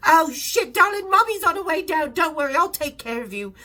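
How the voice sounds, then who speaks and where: A woman's voice: very high voice, expressive, fairly quick, bright, forceful tone, pitched above the performer's own voice, heavily acted. A woman putting on a sweet, doting English woman who coos and calls everyone darling. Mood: fretting, motherly.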